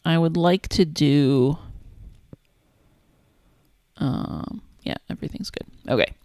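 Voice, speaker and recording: A woman casually chatting on a livestream as she makes a zine, thinking out loud and trailing off mid-sentence. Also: deep voice, slow, dry recording. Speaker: zine maker streaming her work. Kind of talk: casual livestream chat while working.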